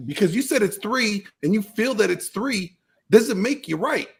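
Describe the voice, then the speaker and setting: A man's voice: high voice, animated, moderate pace, vocal fry, slightly rough. Argumentative man on a panel. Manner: argumentative, emphatic. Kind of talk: casual panel chat.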